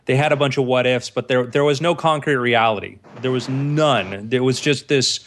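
Male co-host, casual, animated, acts out quotes, mid pitch. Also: normal speed, a little hiss or hum. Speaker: podcast co-host. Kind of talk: casual chat.

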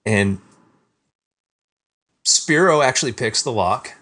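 A man's voice: medium pitch, expressive, takes it slowly, sharp tone. A man narrating an improvised tabletop game as game master. He laughs often and breaks into brief silly character voices.

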